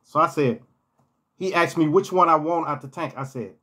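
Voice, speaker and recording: A man's voice: fairly high pitch, normal speed, sharp tone, breathy edge. A man telling personal stories in a casual storytime vlog, rambling and often repeating words and restarting his phrases.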